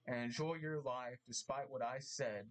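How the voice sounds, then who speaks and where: Man, vlogger, halting earnest apology, mid pitch. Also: steady tone, low-quality recording. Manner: halting, repeats himself, earnest and emotional. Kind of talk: apology vlog. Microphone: mask on, camera vlog.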